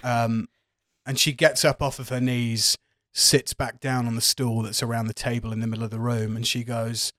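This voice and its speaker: Man game master narrating a tabletop game, calm and measured, dry close sound. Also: medium pitch, no echo.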